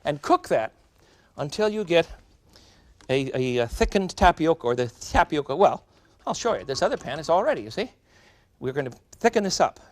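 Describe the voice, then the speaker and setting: A man's voice: a little high, normal speed, long pauses, dry recording. A man hosting a cooking show, demonstrating a recipe in a studio kitchen in a chatty, folksy way, talking straight to the viewers. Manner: chatty, folksy and animated, addressing viewers directly.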